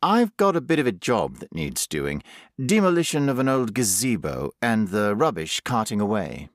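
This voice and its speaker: A man's voice: fairly low pitch, big pitch swings, moderate pace, no room sound, studio quality. A man playing a polite, eager newcomer.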